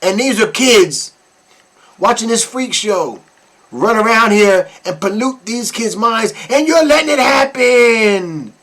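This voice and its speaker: A man giving animated, mocking reaction commentary as a vlogger. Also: very high voice, slow.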